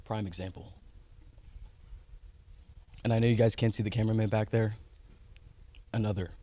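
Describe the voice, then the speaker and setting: Cocky, vain wrestler cutting a promo. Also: male voice, lowish voice, steady tone, normal speed, a little mellow.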